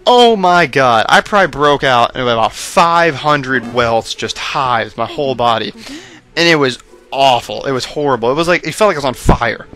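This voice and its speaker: A young man rambling casually over his gameplay footage, self-mocking and prone to excited outbursts, his voice tiring late at night. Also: mid-range voice, normal speed, soft background music. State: voice going hoarse late at night. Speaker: let's play host.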